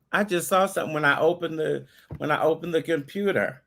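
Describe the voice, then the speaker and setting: A man co-hosting a casual talk show, excitable and quick to squeal or tear up. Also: creaky, slight background noise. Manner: excitable, bursts into high squeals and near tears. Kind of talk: casual chat.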